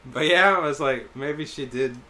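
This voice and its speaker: A man streaming a game and chatting casually, telling a story with animated retellings, putting on other people's voices, and laughing often. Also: on the high side, a little hiss or hum. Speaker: teacher at a camp in Japan. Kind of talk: casual chat while gaming.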